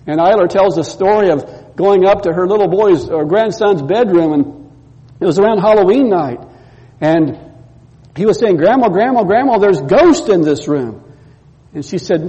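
A man preaching a sermon, telling a story with lively repetition and acting out the voices in it. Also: sits high, moderate pace, long reverb tail, low-quality recording. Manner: storytelling, acts out quoted voices, repeats words. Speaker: pastor.

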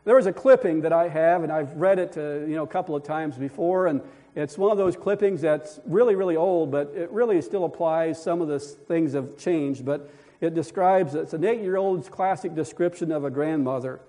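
Older male preacher, high-ish voice, folksy and rambling, chuckles, lots of restarts. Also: normal speed, warm tone. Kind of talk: folksy storytelling sermon.

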